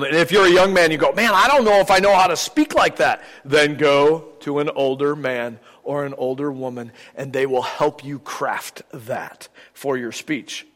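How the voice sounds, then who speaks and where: Middle-aged male pastor in a reverberant hall. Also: on the high side. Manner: animated, acts out quoted voices. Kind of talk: sermon.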